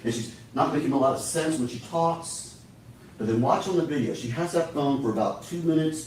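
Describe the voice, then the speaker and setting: A man delivers a prosecutor's closing argument, his pitch swinging widely as he presses each point on the jury. He sounds set back from the microphone in a large, very reverberant courtroom, with a faint hum of room noise underneath. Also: darkish tone. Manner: emphatic, persuasive, addresses the jury directly. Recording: echoey courtroom from far off.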